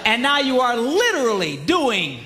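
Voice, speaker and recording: A man giving a comedic marriage seminar to a live audience, with punchy delivery and shouted sound effects, recorded in a large reverberant hall. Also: extremely high pitch, wildly swooping pitch, moderate pace. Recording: reverberant hall with background noise.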